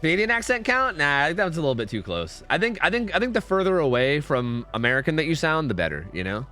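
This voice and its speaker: Animated young man chatting on stream. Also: fairly high pitch, fast talker, faint music behind. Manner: rambling, swears casually, chats with viewers. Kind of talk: casual game-stream chat.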